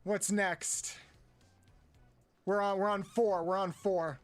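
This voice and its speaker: A man streaming a game, counting aloud, swearing often and yelping high when frustrated. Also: fairly even intonation, slow, faint music behind. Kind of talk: casual live-stream chat while playing.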